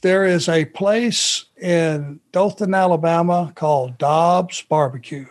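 A middle-aged man from Georgia, a former wrestler telling road stories in a relaxed, anecdotal way. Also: a little high, takes it slowly. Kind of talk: podcast storytelling.

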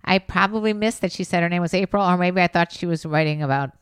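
A woman's voice: on the low side, quick pace, clear, resonant tone, no echo, studio quality. A middle-aged woman co-hosting a casual podcast, blunt and a bit scattered. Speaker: podcast co-host. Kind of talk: casual chat.

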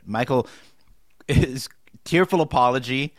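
A man co-hosting a podcast, talking casually with wry deadpan asides and frequent laughter. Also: medium pitch, moderate pace, dry recording, clean studio sound. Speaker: podcast co-host. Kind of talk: casual chat.

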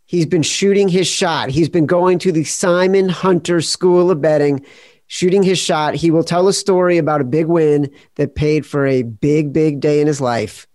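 Guy hosting a podcast all hyped and jokey, voice up on the high side, super dry sound. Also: normal speed, no echo. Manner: excitable, jokey, with big jumps in pitch. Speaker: podcast host. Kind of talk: podcast hosting and casual banter.

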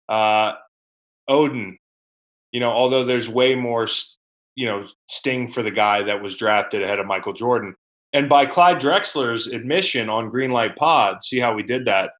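A man's voice: mid-range voice, fairly bright tone. A man co-hosting a sports podcast, rambling in casual, conversational chat.

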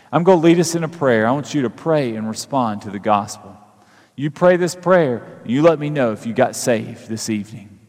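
A male pastor giving a sermon, reading scripture and then leading an altar call with rising fervor and drawn-out pauses. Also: on the high side, long reverb tail.

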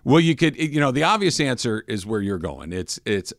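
A man's voice: medium pitch, very animated, normal speed, dry recording, studio quality. A man in his fifties co-hosting a casual chat show, joking around, laughing often and slipping into silly voices. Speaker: podcast co-host.

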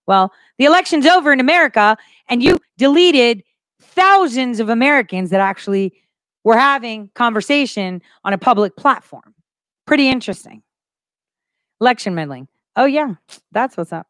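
A woman with a slightly high, fairly bright voice and lively intonation hosts a casual livestream at a moderate pace. She speaks with insistent conviction, repeating phrases for emphasis, in clean studio sound free of room noise.

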